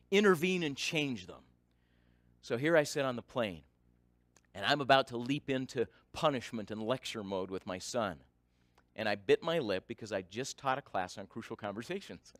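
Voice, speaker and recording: A middle-aged man giving a storytelling talk, listing points in rhythm and swinging from soft to loud for drama. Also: medium pitch, no room sound. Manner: dramatic, varies loudness, lists in rhythm.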